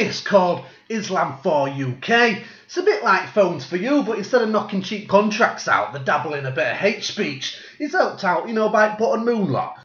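A man rants through a satirical comedy monologue, sarcastic and full of swearing. His voice sits high and bright and swings widely in pitch. The recording sounds dull and lo-fi. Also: echoey room.

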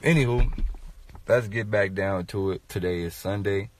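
A man's voice: fairly low pitch, moderate pace. A man talking to his viewers in a casual, profane, rambling way, telling a comic story with sudden raised outbursts.

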